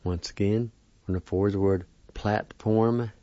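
A man's voice: lowish voice, fairly even intonation, mellow, no echo, highs cut off. A man giving a weekly radio language lesson, spelling out each word carefully and repeating it. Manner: slow, careful spelling and repetition of words.

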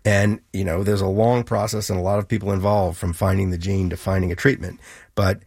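A middle-aged author talks in an interview in a low, gravelly voice with a husky edge. He tells stories with animation, acting out the back-and-forth of conversations. The recording is close and dry. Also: a little fast, dry recording. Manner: animated storyteller, acts out quoted exchanges. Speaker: author and guest.

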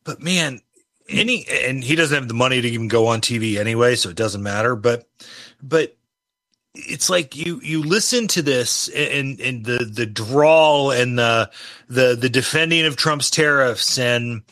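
A man's voice: medium pitch, unhurried, bright, forceful tone, no room sound. A man hosting a political interview, musing conversationally about his home state's races. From Illinois.

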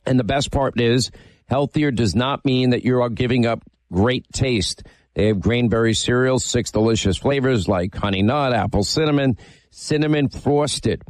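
A man's voice: medium pitch, moderate pace, no echo. A man hosting a radio talk show, chatting casually through a live ad read with frequent fillers.

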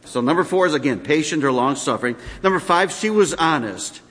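Male pastor, high and animated delivery, preaching, hall reverb. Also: a little fast. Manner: animated preaching with sudden drops to quiet asides. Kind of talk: sermon.

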